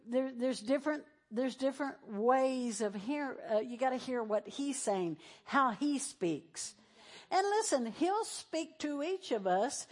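A woman's voice: fairly high pitch, darkish tone. A middle-aged woman pastor preaching a sermon in a conversational way, acting out the voices she quotes.

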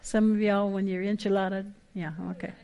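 A woman pastor, preaching a sermon in a folksy, emphatic way with quick asides and rising exhortations. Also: medium pitch, little pitch movement, warm tone, smooth.

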